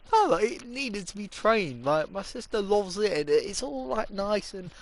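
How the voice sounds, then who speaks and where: A man's voice: sits high, moderate pace. A young man, co-hosting a casual podcast chat and telling funny stories with laughter. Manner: animated, laughing storyteller. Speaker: podcast co-host.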